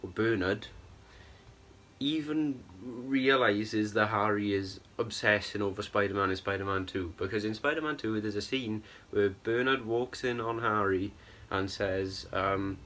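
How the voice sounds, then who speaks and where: A young man's somewhat low, slightly bright voice carries his casual film review vlog at normal speed with hardly any pauses. Exasperated, he rambles, returns to earlier points and keeps checking in with "right?" and "bro."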